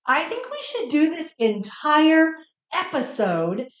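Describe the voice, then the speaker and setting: A woman's voice: high voice, wildly swooping pitch, slow pace, echoey room. A woman co-hosting a home cooking show, chatting in a playful, jokey way. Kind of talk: casual cooking show chat. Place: home kitchen.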